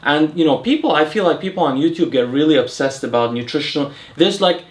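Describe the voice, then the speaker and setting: Young male host, casual and rambling, slightly high voice, roomy echo. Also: lively intonation, a little fast. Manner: chatty, rambling with fillers and restarts. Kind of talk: casual Q and A chat. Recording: echoey room.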